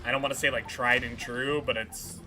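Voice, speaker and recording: A man's voice: mid-range voice, steady tone, fairly quick, background noise. Profane, rambling male game streamer. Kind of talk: casual chat while gaming. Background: game music.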